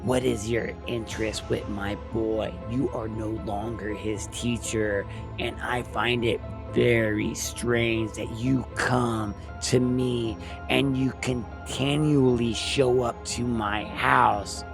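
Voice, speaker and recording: A man voicing a defensive, controlling mother who snaps and yells at a visitor. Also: mid-range voice, steady tone, slow pace, creaky, over music. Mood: angry. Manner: yelling, indignant.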